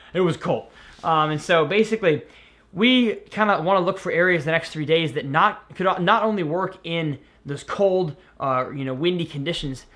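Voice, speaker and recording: A man vlogging from a boat on a lake, chatting and excitable as he explains how he practices for fishing tournaments. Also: fairly high pitch, no room sound. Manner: chatty and excitable, thinking aloud. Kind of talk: casual vlog with fishing tips.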